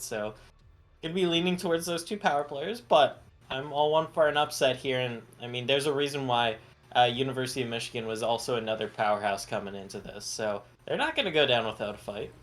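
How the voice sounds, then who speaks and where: A male esports analyst giving relaxed, casual predictions. He chuckles often and pads his talk with fillers. His voice sits at an ordinary middle pitch. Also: fast talker. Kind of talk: live esports desk talk.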